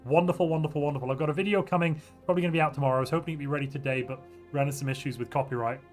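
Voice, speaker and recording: A man's voice: fairly high pitch, steady tone, racing, a little mellow. A man casually commentating a strategy game on a livestream, thinking aloud and reacting to viewer chat in a playful way. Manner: playful, muses aloud while weighing options. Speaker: game streamer. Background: faint background music.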